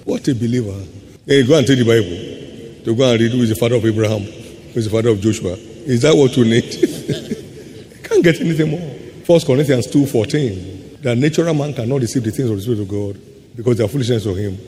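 A man preaching to a congregation, pressing hard on slow, weighty words and then rushing through quick asides. His voice sits mid-range for a man and carries a long reverb, with a faint hum of ambience underneath. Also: medium pitch, animated, dark tone. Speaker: pastor. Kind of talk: sermon.

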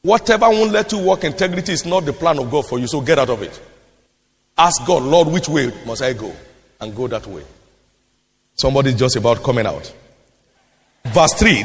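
A man preaching a sermon, repeating his lines emphatically and building to shouted declarations. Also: medium pitch, big pitch swings, moderate pace, pauses often. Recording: reverberant hall.

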